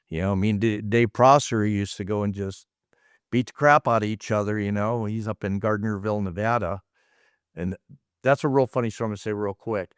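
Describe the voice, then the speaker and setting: This casual storyteller is a middle-aged martial arts instructor from the United States who wanders through anecdotes and performs quoted lines. He has a lowish, clean voice, captured in studio quality without room sound.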